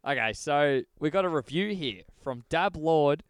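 A man co-hosting a podcast in casual, joking chat, animated and loose with swearing. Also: fairly high pitch, normal speed, few pauses, clean tone, no echo. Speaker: podcast co-host.

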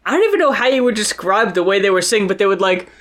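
A man with a high, bright voice co-hosting a casual music podcast. He riffs loosely and swears freely, rattling off quick opinions. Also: expressive. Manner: loose, profane, fast riffing. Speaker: podcast co-host.

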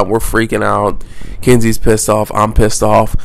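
A young man from the United States tells a travel story in a loose, rambling way, swearing freely and restarting his sentences. His voice sits low and flat, with a gravelly edge. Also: a little slow, slight background noise. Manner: rambling, profane, full of restarts. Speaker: travel vlogger. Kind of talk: casual storytelling.

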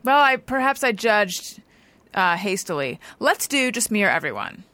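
A woman's voice: mid-range voice, sing-song, moderate pace, bright, forceful tone, dry recording. A woman hosting a podcast, chatting casually and reading out listener submissions. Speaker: podcast host.

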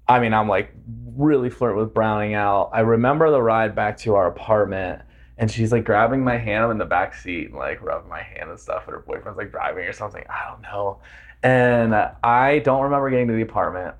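A man's voice: lowish voice, brisk, dull audio. A man, hosting a casual chat and telling a story with acted-out voices. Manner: laid-back storyteller who acts out voices and laughs often. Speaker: podcast host.

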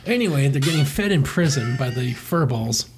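A man's voice: medium pitch, expressive, normal speed, a little hiss or hum. A man co-hosting a casual chat, joking wryly as he walks through comic panels. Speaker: podcast co-host.

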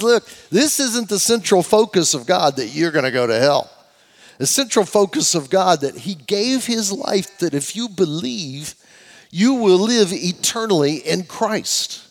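Older male preacher, echoing church. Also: high voice. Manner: leads congregation in call-and-response, swings from loud preaching to soft asides. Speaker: pastor. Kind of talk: sermon. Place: church sanctuary. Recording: church hall with long reverb.

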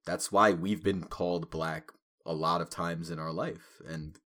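A man of Caribbean background co-hosting a podcast, talking in a relaxed, reflective way and laughing often. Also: low-pitched, unhurried. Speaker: podcast co-host. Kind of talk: casual podcast chat.

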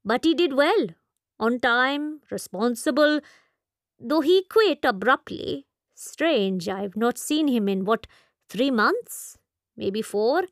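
In a full character voice that sits high, a woman narrating an audiobook plays an elderly male Indian shopkeeper, wry, genial and rambling. She speaks slowly and animatedly, giving him formal, old-fashioned phrasing, unhurried in a close, dry recording.

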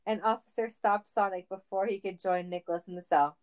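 A woman reads a comic story aloud with playful timing. Her voice sits in a middling range, and she keeps the narration lively and teasing. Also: medium pitch, a little fast, rough recording. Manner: playful, laughing.

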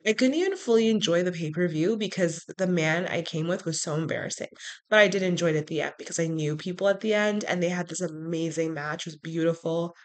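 A woman hosting a podcast, telling a personal story in a frank, animated way with sarcastic asides. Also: lowish voice, quick pace. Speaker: podcast host. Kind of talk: casual storytelling monologue.

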